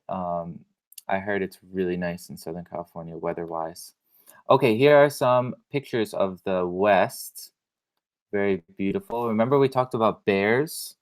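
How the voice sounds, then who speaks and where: Deep-voiced male teacher, casual and chatty. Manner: casual, chatty, many fillers and restarts. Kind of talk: recorded classroom lesson.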